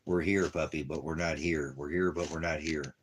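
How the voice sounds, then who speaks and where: A man's voice: extremely low pitch, steady tone, moderate pace, slight background noise. A man on a casual live stream, talking to his puppy in rambling, playful, affectionate baby talk.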